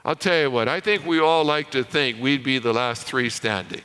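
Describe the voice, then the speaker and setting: A man preaching a sermon, telling a story and dropping to a hush on key lines, with frequent repeated words. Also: medium pitch, normal speed, clean tone. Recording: reverberant hall.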